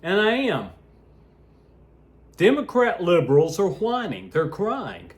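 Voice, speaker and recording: A man giving a heated, blunt political rant for his video blog, crude and laughing at his own jabs, shouting one moment and muttering the next. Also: wildly swooping pitch, slow pace. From United States. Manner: heated, swinging between shouts and low asides. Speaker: political vlogger. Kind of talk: ranting opinion vlog.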